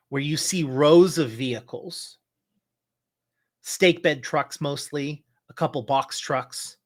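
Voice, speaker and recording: Slow-talking male game master. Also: medium pitch, a bit bright. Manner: slow, searching narration with fillers and restarts. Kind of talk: narrating a tabletop game.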